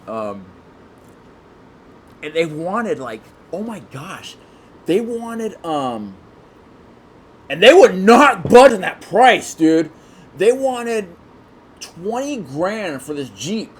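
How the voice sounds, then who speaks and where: Excitable rambling male podcast guest, slightly high pitch, light background noise. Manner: excitable, rambling, many restarts. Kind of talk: casual storytelling chat.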